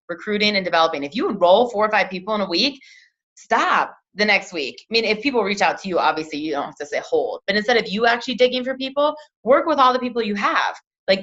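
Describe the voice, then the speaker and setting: Young woman team coach, bright forceful voice, chatty with lots of "like", muffled lo-fi recording. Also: mid-range voice. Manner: chatty, lots of "like", acts out quotes in lively voices. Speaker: team leader training a sales team. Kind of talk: casual coaching talk. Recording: dull lo-fi sound.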